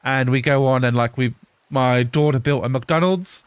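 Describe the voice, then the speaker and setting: A man in his thirties from England with an English accent softened by Australian, chatting casually with viewers while playing a game live. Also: medium pitch, moderate pace, clear, resonant tone, no echo. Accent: English mixed with Australian. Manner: chatty, answers viewers, laughs often. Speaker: live streamer. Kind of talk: casual live-stream chat while gaming.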